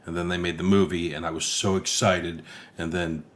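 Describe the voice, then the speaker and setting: A man's voice: sits low, little pitch movement, moderate pace. A man co-hosting a casual movie-review podcast. He is laid-back and tired late at night, swears freely, and often trails off mid-thought. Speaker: podcast co-host.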